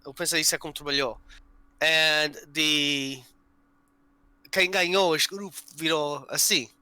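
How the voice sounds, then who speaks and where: A man hosts a casual live stream and tells stories with lively energy, mixing Portuguese and English. His voice is very bright and smooth. The sound is dry and close. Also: on the high side, normal speed, dry recording, poor audio. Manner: lively storyteller, switches between Portuguese and English. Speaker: podcast host.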